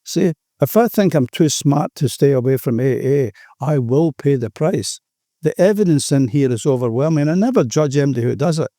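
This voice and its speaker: Older Australian man, mellow tone, earnest rambling recovery share, dry close sound. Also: medium pitch, lively intonation, moderate pace, no room sound. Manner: earnest, rambling, peppered with "you know". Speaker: recovering alcoholic sharing his story.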